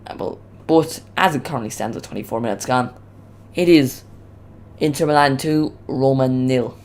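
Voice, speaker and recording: A man commentating live on a football match as a streamer, chatty and rambling, getting loud on big moments, with his voice cracking. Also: medium pitch, moderate pace. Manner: chatty, rambling, excitable on goals. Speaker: watch-along streamer.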